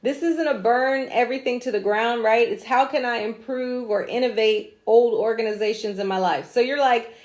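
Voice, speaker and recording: A woman's voice: fairly high pitch, normal speed, hardly any pauses, a little mellow. A woman hosting a casual astrology livestream, chatty and slangy, drifting into asides and laughing at herself. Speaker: astrology host.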